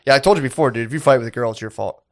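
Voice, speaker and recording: Chill guy cohosting a comedy podcast, mid-pitched voice, swears a lot, easygoing. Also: racing. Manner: laid-back, swears casually, agreeable. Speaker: podcast co-host. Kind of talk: casual comedy podcast banter. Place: indoor podcast studio.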